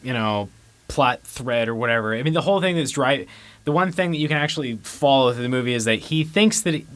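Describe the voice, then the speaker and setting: A man's voice: medium pitch, expressive, fast, a bit bright. A man on a casual movie podcast, chiming in with comments and corrections to his co-host's recap. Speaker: podcast co-host.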